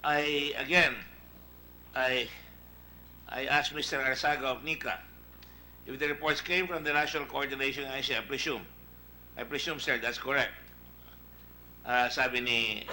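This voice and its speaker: A man's voice: mid-range voice, normal speed, pauses often, sharp tone, slight background noise, low-quality recording. A man with a Filipino accent chairing a senate hearing, questioning witnesses emphatically and wandering into asides. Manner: emphatic, digressive, reads out past exchanges.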